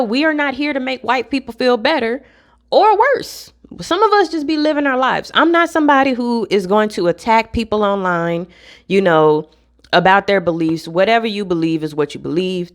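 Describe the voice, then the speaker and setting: A woman's voice: medium pitch, normal speed. A young adult woman vlogging to camera in a casual rant, blunt and profane.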